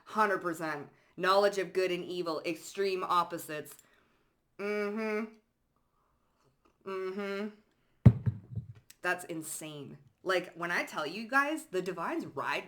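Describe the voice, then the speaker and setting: A woman giving a psychic card reading to the viewer, animated and laughing often, calling listeners honey and swearing freely. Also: medium pitch, slow, pauses often. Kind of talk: tarot reading to camera.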